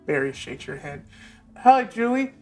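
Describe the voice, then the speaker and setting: Jittery human adventurer voiced by a woman, halting, rambling delivery, mid-pitched. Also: big pitch swings, a little mellow, faint music behind. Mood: awkward. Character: nervous, money-minded human adventurer woman.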